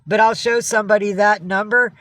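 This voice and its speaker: A woman's voice: mid-range voice, steady tone, a little fast, fairly bright tone, dry recording. A woman from upstate New York running a casual livestream. She chats easily, greets her viewers one by one and drops curse words without a second thought. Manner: chatty, greets viewers by name, swears freely. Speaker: livestream host.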